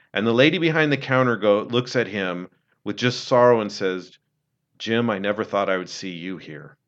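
A man telling a story in an earnest, conversational way, dropping low and quiet when he quotes someone. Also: highs cut off. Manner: earnest, retells a film scene, drops low and quiet for quotes. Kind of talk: casual storytelling talk.

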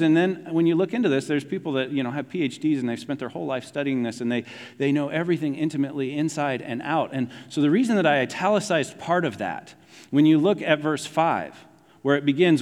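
A man preaching a sermon in a conversational, animated way, dropping his voice low to stress key points. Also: in a large hall. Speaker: pastor.

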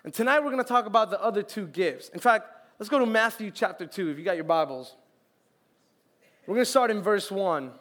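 A young man preaching a sermon as youth pastor, lively and joking, acting out little quotes. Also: high-pitched, fairly quick. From Colombian family, raised in Florida.

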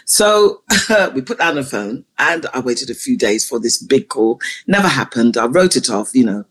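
A woman's voice: very deep voice, sing-song, normal speed, breathy edge. A woman choir conductor, a guest in an interview, telling stories with animation and frequent laughter. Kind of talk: interview storytelling.

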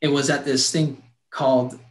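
A man's voice: mid-range voice, little pitch movement, moderate pace. A man guest earnestly telling a heartfelt personal story, often restarting his sentences. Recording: roomy echo.

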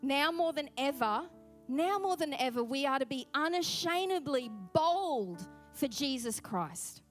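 A woman pastor preaching a sermon, telling a personal story in an animated way and acting out her own thoughts. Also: high-pitched, measured pace, faint music behind.

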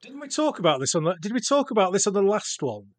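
A man running a casual podcast, his slightly high voice often stumbling and repeating words as he goes. The sound is dry and close, with no room echo. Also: very animated, fast talker. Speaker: podcast host.

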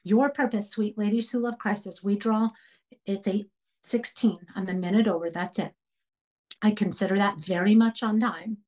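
A woman's voice: medium pitch, fairly even intonation, moderate pace, a little mellow. A middle-aged woman teaching a women's Bible study, earnest and preaching with repeated questions. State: tearful while telling a story.

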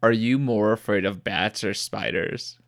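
A man co-hosting a casual podcast chat, recapping a movie with teasing jokes and deadpan asides. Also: fairly low pitch, a little slow. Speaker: podcast co-host.

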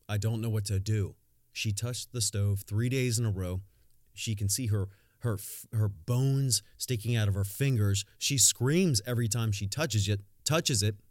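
A man with a mid-range voice holds forth on his solo podcast. He is blunt and profane, and he rambles from point to point. The sound is dry and close, with no room echo. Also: medium pitch. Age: adult, has a young daughter. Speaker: podcast host. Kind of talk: casual solo podcast monologue.

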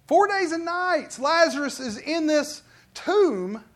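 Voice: high voice, slow. Pastor, conversational sermon, quizzes the congregation, church sanctuary. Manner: conversational, animated preaching, questions the congregation.

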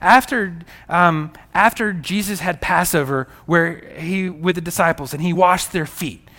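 A male pastor with a notably high-pitched voice delivers a sermon. He preaches with emphasis and circles back to repeat his key lines. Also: a little slow, sharp tone.

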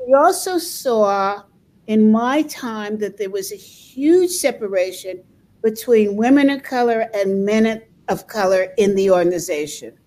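An older woman from the United States, speaking in a conversational interview, reflective, pausing and repeating words as she thinks. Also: mid-range voice, expressive. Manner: reflective, pauses and repeats words, laughs softly.

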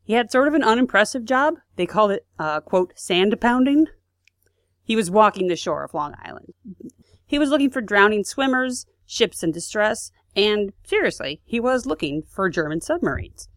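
A woman's voice: mid-range voice, sing-song, moderate pace, a bit bright, no echo, studio quality. A woman co-hosting a podcast, telling a history story casually with asides and fillers. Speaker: podcast co-host.

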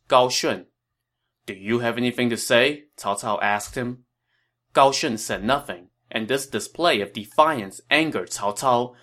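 A man hosting a podcast, reading scripted historical narration in a steady, measured way. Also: mid-range voice.

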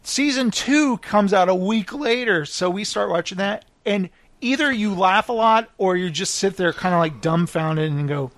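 A man hosting a podcast in casual chat, an animated, rambling storyteller who laughs often. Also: sits high, normal speed, hardly any pauses, no echo. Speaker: podcast host.

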